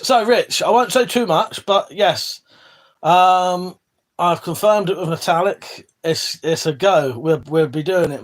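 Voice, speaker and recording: An English man hosting a casual livestream, chatting loosely with viewers, swearing freely and trailing off mid-sentence. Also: on the high side. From England. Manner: swears freely, rambling and self-interrupting. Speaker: livestream host reading chat. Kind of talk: casual chat. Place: indoor room with weapon collection wall.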